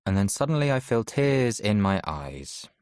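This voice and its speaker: A young man narrating an audiobook in the first person, soft, subdued and measured. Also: on the low side, very animated, clear, resonant tone, no room sound, clean studio sound.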